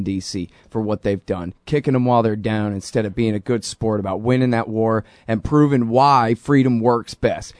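Dude bluntly agreeing, kinda indignant, voice sinks low, dry mic. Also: male voice, darkish tone, no room sound. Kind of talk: opinionated political discussion.

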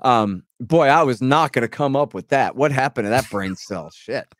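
A middle-aged man co-hosting a political podcast, his voice mid-pitched and dry, with no room sound around it. He rambles and talks sarcastically, slipping into mocking put-on quotes as he retells what happened. He is casual and loose, restarting his thoughts as he goes. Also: expressive, moderate pace, no echo. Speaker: podcast co-host.

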